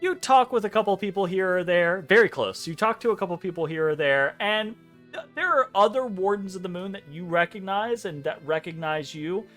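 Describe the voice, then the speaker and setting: A man's voice: high voice, fairly bright tone, faint music behind. Rambling man running a tabletop game. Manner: rambling, self-correcting, quick laughs. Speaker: dungeon master.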